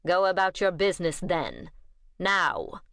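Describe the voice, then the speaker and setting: Audiobook figure: icy commanding vampire patriarch, male, low and clipped, read by a woman. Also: sing-song, a little slow, fairly bright tone, dry recording, clean studio sound, full character voice. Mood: curt command. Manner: clipped and imperious. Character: cold, commanding older male vampire lord.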